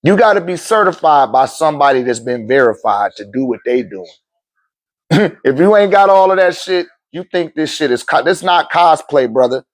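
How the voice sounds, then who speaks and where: High-voiced, profane, scolding man. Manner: animated, swings between loud outbursts and low muttering; laughs often between phrases. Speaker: spiritual teacher and seller of metaphysical goods. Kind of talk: livestream rant to viewers.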